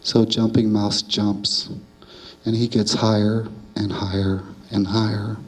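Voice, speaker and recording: A man tells a traditional tale aloud in a calm, measured way, with a steady, repeating cadence. His voice sits low. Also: poor audio. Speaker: storyteller. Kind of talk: oral storytelling of a traditional tale.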